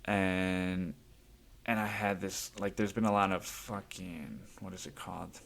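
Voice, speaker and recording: A man's voice: low voice, fairly even intonation, measured pace, gravelly, fairly bright tone. A man hosting a solo podcast, rambling casually and swearing often with self-amused laughs. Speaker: podcast host.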